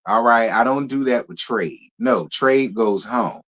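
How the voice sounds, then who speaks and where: A man hosts a casual live stream and talks straight to his viewers. He is sassy and animated, with a mid-range voice. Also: mid-range voice, a little slow. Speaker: live show host.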